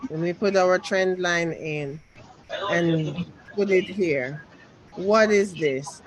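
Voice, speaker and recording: Trading coach for a live lesson: slow and deliberate, insists on firm answers, keeps repeating questions. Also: medium pitch, low-quality recording. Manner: drilling, repeats questions until answered firmly. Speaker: trading teacher.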